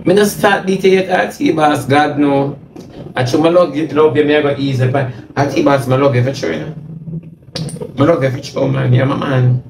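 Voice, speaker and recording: Speaking briskly in a fairly high, steady, creaky voice, a Jamaican-accented man livestreams a confrontational rant into his phone, repeating himself and mocking. Faint noise and room echo fill the recording.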